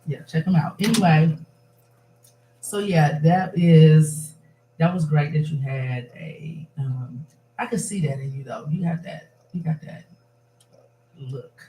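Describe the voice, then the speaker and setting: A man hosts a loose, casual talk show, upbeat and emphatic as he rambles from one thought to the next. His voice sits a little high. It is recorded in an echoey room with faint noise behind it. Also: slow pace, mellow. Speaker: host. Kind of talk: casual chat.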